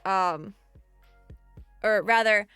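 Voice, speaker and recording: Bright, chatty young woman streamer. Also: medium pitch, very slow, smooth, no room sound, soft background music. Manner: animated, chatty, full of "like". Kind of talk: casual storytelling to a live stream.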